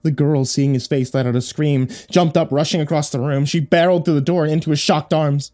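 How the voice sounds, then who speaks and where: A man narrating a horror story in a low, hushed, dramatic way. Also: steady tone, fairly quick, hardly any pauses.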